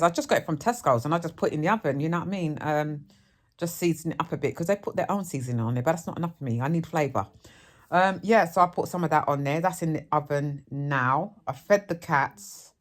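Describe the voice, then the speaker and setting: A woman, chatting frankly and rambling to her viewers at home in a casual vlog. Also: low voice. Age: 50s. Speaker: vlogger. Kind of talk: casual chat to camera. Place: at home, indoors.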